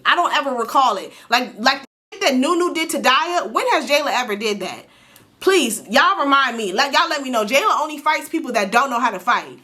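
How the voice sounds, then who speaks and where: Bright, blunt woman recapping reality TV. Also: high voice. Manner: blunt, animated, slangy, talks straight to viewers. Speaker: reality show reviewer. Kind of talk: casual recap commentary.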